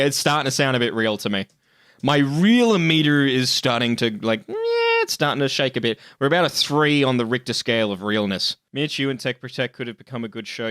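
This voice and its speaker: A man's voice: mid-range voice, fairly bright tone, dry recording, studio quality. A man, hosting a live stream in casual chat, swearing and joking with frequent laughs. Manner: profane, joking, laughs often. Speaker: streamer host.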